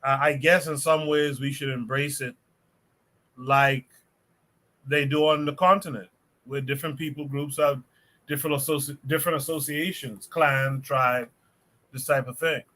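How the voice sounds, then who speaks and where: A man's voice: mid-range voice, steady tone, normal speed, sharp tone. A man hosting a livestream podcast, thinking aloud in a rambling way before handing over to a guest. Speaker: podcast host. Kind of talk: casual livestream discussion.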